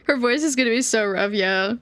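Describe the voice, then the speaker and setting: A woman's voice: a little high, fairly quick, a bit bright, no room sound. A young woman streamer chatting casually, giggling often and trailing off mid-sentence. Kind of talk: casual livestream chat.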